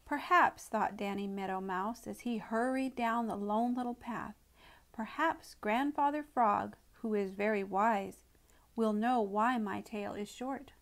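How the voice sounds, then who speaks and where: Slow, gentle woman reading a storybook. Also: on the high side. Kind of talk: storybook read-aloud narration.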